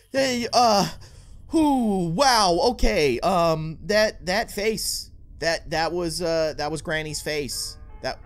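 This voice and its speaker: A gaming YouTuber giving let's play commentary with animated, playfully dramatic reactions. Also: medium pitch.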